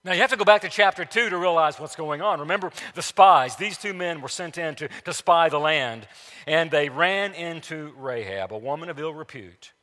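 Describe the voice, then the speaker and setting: A male pastor preaching a sermon in a church, emphatic, repeating key phrases and swinging between loud declarations and hushed asides. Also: fairly high pitch, expressive, moderate pace, big-room sound. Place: church sanctuary.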